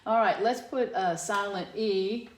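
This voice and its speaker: A woman teacher giving a patient phonics lesson to young children from her home garage, sounding out letters slowly. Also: mid-range voice, reverberant.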